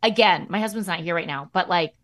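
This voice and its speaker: A woman's voice: lowish voice, fast talker. A woman with a Midwestern American accent, a guest actress chatting in a radio studio interview, bubbly and full of restarts. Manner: bubbly, animated, many restarts. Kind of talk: casual interview chat.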